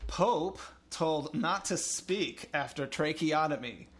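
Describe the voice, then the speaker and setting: A man with a fairly high voice riffs on news stories as a talk show co-host. He is crude and sarcastic, and he giggles often. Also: expressive, takes it slowly, a little hiss or hum. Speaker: podcast co-host. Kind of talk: irreverent casual news chat.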